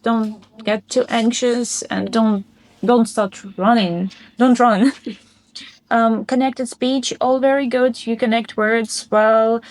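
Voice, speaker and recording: A woman's voice: fairly high pitch, darkish tone. A woman acting as a speaking examiner, giving mock-test feedback in an encouraging way with frequent light laughs.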